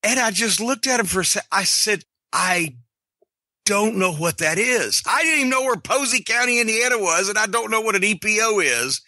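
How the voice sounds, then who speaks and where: A middle-aged man hosting a podcast, telling a story in an animated, profane, sarcastic way. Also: sits high, normal speed, no echo. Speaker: podcast host.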